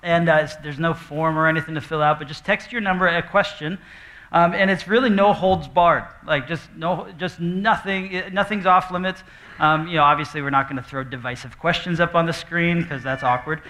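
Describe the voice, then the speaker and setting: A male pastor giving casual church announcements and a live Q&A, nervous, halting, with many fillers and light jokes. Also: on the high side, pushed and bright. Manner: halting, full of fillers and restarts, joking. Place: church auditorium with audience.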